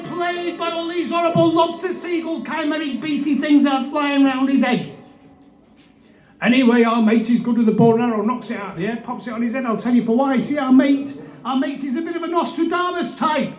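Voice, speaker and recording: A high-voiced male comic singer and storyteller performs live comedy storytelling with audience participation at a gig in an indoor brewery venue. He speaks a little fast with fairly even intonation, theatrically bellowing asides and addressing the crowd, all in roomy live venue sound.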